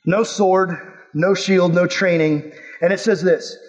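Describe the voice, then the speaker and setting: Male youth pastor, high voice, playful slangy sermon delivery. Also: fairly even intonation, takes it slowly, muffled recording. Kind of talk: casual preaching on a Bible story.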